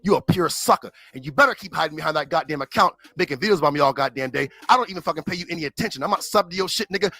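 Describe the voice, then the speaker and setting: A man's voice: on the high side, lively intonation, racing, hardly any pauses, bright, forceful tone, dry recording. A man on a livestream, ranting and hurling insults in an aggressive, repetitive way.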